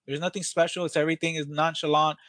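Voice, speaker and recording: A man's voice: on the high side, little pitch movement, fast talker, fairly bright tone, no echo. A man, guest on an interview, talking energetically and casually about training salespeople, acting out phone calls, with some swearing.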